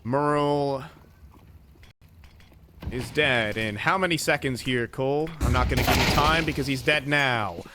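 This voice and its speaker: A man calling a live esports match with quick, playful, teasing banter. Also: medium pitch, noisy background. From North America. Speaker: esports commentator. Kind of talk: live play-by-play commentary.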